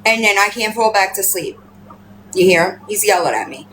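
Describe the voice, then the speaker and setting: A woman chatting casually on a home livestream, rambling and swearing, and breaking into high baby-talk with her pets. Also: expressive, normal speed, a bit bright, a little hiss or hum, low-quality recording. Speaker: livestream host. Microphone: phone.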